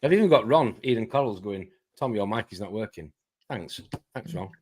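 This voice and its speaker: A man hosting a casual live stream, chatting quickly and greeting viewers by name. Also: lowish voice, animated, a crowd in the background. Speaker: host.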